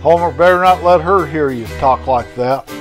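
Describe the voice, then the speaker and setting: A man voicing a patient, sensible old country man who calmly corrects his friend. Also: fairly high pitch, moderate pace, soft background music, lightly acted. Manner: calm, gently correcting.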